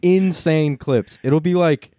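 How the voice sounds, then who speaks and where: A man's voice: on the high side, slow, dark tone, dry recording. A young man co-hosting a podcast, laid-back and profane, with lots of likes. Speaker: podcast co-host. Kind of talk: casual chat.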